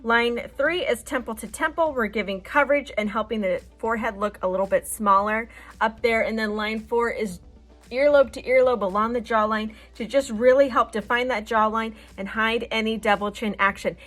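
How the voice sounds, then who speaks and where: A woman's voice: on the high side, normal speed, a bit bright. A woman hosting a makeup tutorial, explaining each step in a chatty, reassuring way. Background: faint background music.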